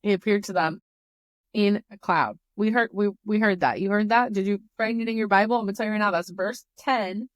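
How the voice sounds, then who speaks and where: A young woman with a medium-pitched voice runs a casual Bible study, speaking a little fast with no echo. She reads passages aloud, then cuts in with chatty, sarcastic remarks of her own.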